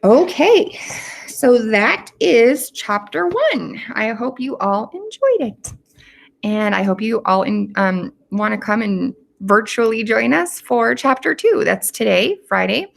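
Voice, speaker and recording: A woman's voice: on the high side, big pitch swings, slow pace, gravelly. A woman teacher reading a novel chapter aloud for her reading club students, in a plain, friendly storytelling manner.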